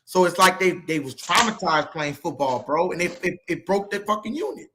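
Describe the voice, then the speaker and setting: A man co-hosting a casual sports podcast, talking in an animated, heated and profane way. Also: high voice, fairly quick. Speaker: podcast co-host.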